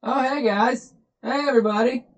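Man doing a shrill excited guide, coaxing and chummy, a bit off-mic. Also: normal speed, poor audio. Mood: eager coaxing. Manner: eager, coaxing, casual.

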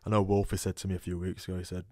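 A man's voice: low-pitched, level tone, racing, mellow, dry recording. A man with a thick Yorkshire accent, a rugby player guest telling stories in a casual studio chat, laughing often and repeating words as he talks. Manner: chatty storyteller with frequent laughs and repeated words. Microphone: studio microphone.

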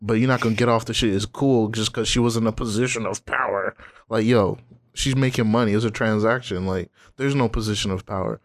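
A man co-hosting a casual podcast chat, animated, sarcastic and profane. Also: lowish voice, brisk. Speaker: podcast co-host.

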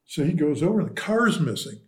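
An older man telling local history stories in a casual, animated way, voicing the people in his anecdotes. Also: a little high, brisk. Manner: animated anecdotes, quoting voices. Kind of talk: casual storytelling.

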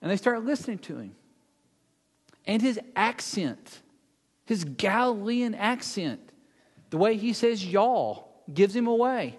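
A man delivers a sermon with a fairly high voice, retelling scripture as drama. He acts out the speakers in the story and sinks to a hush when he wants to stress a point. His voice rings with the long reverb of a large hall. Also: sing-song, slow, long pauses, breathy edge. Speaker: preacher.

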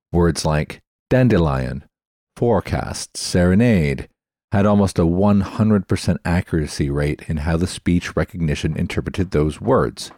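Deep and a little mellow, this Canadian podcast host talks tech in a casual, explanatory style, frequently spelling out words one letter at a time. The recording is dry, with clean studio sound.

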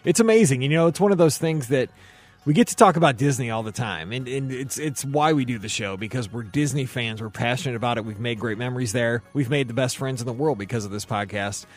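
A man's voice: medium pitch, lively intonation, quick pace, faint music behind. A man with a Midwestern accent hosting a podcast, talking enthusiastically with plenty of restarts and reading listener emails aloud. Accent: Midwestern American. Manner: enthusiastic, many fillers and restarts. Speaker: podcast host.

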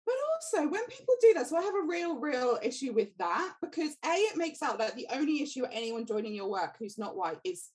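Lively higher-voiced woman host. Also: brisk, hardly any pauses. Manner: emphatic, supportive, reasoned. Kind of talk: casual podcast conversation.

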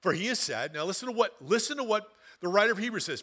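A man preaching a sermon as pastor, moving from loud, emphatic passages to quiet, conversational asides. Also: high voice, expressive, fast, hardly any pauses.

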